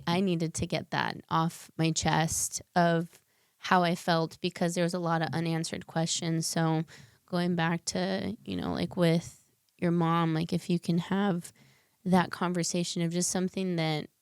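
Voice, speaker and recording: A woman guest sharing her own story in an earnest, heartfelt way, her words loose and full of fillers. Her voice sits low and carries a gravelly edge, yet stays smooth and clear. The sound is dry and close. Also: no echo. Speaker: podcast guest. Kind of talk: candid personal storytelling.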